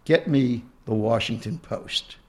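A man reading aloud and voicing an angry, betrayed first lady who speaks bluntly and forcefully. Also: mid-range voice, slow, close to an everyday voice. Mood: furious.

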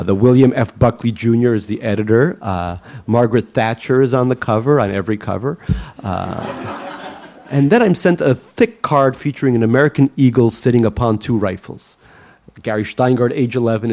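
A man's voice: medium pitch, warm tone. A man from the Soviet Union reading his memoir aloud to a live audience, with a wry, self-mocking delivery. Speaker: storyteller.

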